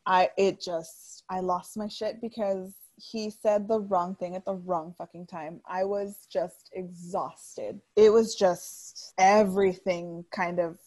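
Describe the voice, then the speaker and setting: A woman in her thirties talks on a casual chat show. She tells her stories bluntly and swears freely. Her voice sits at an everyday middle pitch. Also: slow pace, hardly any pauses. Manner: blunt, heavy swearing, animated storytelling. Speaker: podcast co-host.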